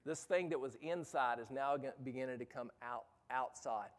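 A man's voice: mid-range voice, normal speed. A middle-aged man telling a personal story in a sermon to youth ministry leaders, earnest, often restarting words and building to emphatic urgency.

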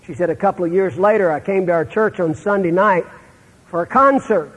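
A middle-aged man preaching a sermon, telling stories and dropping to a hush for the sad parts. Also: high-pitched, a little fast, husky, long reverb tail, poor audio. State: terminal illness, on breathing treatments. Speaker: pastor.

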